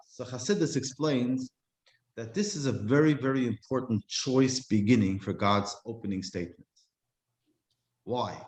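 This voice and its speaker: A man's voice: mid-range voice, lively intonation. Reflective male teacher, echoey room. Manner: reflective, slows to stress key words. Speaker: Jewish teacher. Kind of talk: explanatory class talk.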